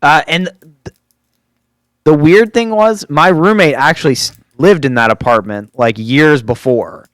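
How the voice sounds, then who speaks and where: Casting note: young male podcast host, smooth clear voice, dry close sound, loose rambling delivery. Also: a little high, a little slow, a bit bright, dry recording. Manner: rambling, full of fillers and laughing asides. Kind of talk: casual storytelling.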